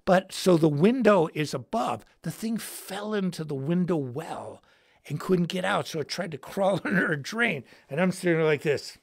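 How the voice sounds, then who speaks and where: Excitable gravelly man, lively pitch. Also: moderate pace. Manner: excitable, shouts words for emphasis; slangy, says dude and bro. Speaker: host and guitarist. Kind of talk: animated storytelling on a livestream.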